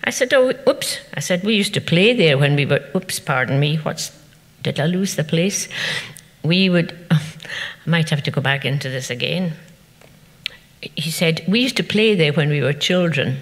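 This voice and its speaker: A woman's voice: deep voice, expressive, normal speed. Older woman telling stories in a hall. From Scotland. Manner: chatty anecdotal storytelling, acting out quoted voices. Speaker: festival speaker. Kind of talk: storytelling talk to an audience. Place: event venue. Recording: echoey hall.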